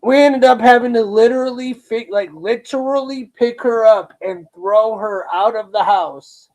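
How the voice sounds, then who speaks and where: A man's voice: high voice, darkish tone, low-quality recording. A young man hosting a livestream, rambling through a story in casual slang and chatting to viewers. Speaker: livestream host.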